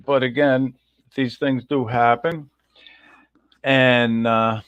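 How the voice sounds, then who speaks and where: A man's voice: medium pitch, dry recording, highs cut off. Rambling male livestream host. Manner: rambling, greets chat viewers by name. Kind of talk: casual livestream chat.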